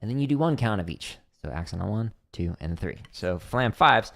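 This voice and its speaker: A man's voice: lowish voice, lively intonation, moderate pace, gravelly, fairly bright tone. A middle-aged man hosting a drum practice livestream, chatty and explaining exercises step by step with casual fillers.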